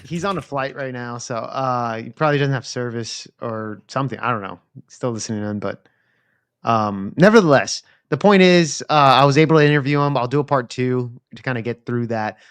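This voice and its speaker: A man's voice: mid-range voice, fairly quick, clear, resonant tone. A man hosting a casual podcast chat, talking hesitantly with hedges and stammered restarts. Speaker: podcast host.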